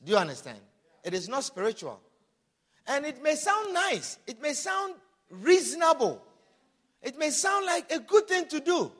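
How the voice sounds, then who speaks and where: A man preaching a sermon, emphatic and repetitive, calling out hallelujah and rising to loud, animated passages. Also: very high voice, moderate pace.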